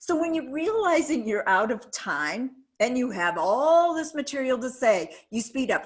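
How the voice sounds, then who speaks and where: A woman's voice: high voice, sing-song, measured pace, hardly any pauses. A woman giving earnest, emphatic advice on public speaking during a video call webinar.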